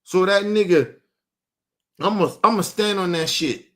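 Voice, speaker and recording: A man's voice: high-pitched, a little slow. A man hosting a show, ranting angrily in with heavy swearing and a lot of repetition. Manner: angry, repeats himself, swears heavily. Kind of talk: heated on-air rant.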